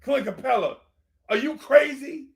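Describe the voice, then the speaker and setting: A man hosting a sports fan talk stream into a desk microphone. He rants in an animated, repetitive way and keeps yelling the same rhetorical questions. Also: very high-pitched, measured pace, gravelly. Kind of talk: live-streamed fan rant.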